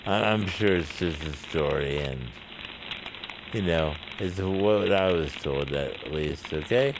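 A man casually telling a story, halting now and then with restarts and asides. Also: sits low, noisy background.

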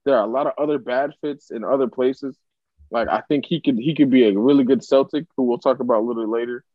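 A man co-hosting a casual sports talk show, ranting and jumping high in pitch when he gets worked up. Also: steady tone, quick pace, no room sound, muffled recording. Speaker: podcast co-host.

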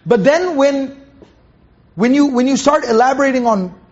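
A man's voice: extremely high pitch, animated, moderate pace, a little mellow, muffled recording. A man teaching a Quran commentary lecture to students in a conversational way, repeating phrases, asking rhetorical questions and reciting Arabic verses.

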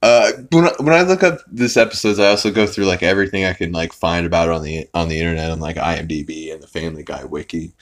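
A man's voice: sits low, fast talker, few pauses. A young man hosting a podcast, recapping an episode in a rambling, casual way with lots of fillers and restarts. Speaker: podcast host.

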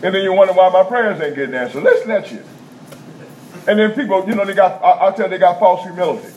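A man's voice: high-pitched, quick pace, darkish tone, a little hiss or hum. A male preacher, preaching a folksy, repetitive sermon in a prison chapel that builds to emphatic bursts. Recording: dull lo-fi recording, faint room ambience.

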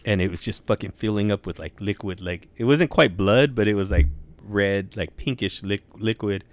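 Laid-back swearing young man, smooth voice. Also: on the low side, normal speed, no echo. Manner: laid-back, swears a lot, says dude and bro. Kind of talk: casual storytelling chat.

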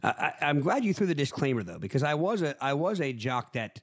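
A man's voice: on the high side, very animated, fairly quick, slightly rough. A man co-hosting a podcast, self-deprecating and laughing often in casual chat. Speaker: podcast co-host.

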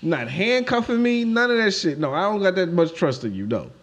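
A man in casual chat who talks in an animated, emphatic way and laughs often. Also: sits high, a little fast.

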